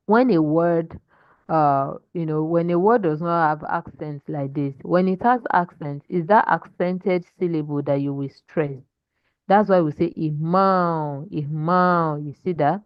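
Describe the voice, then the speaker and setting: A woman teaches a language class, talking slowly and patiently as she models pronunciation. Her voice sits a little low. The online class audio sounds dull and dry. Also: no echo.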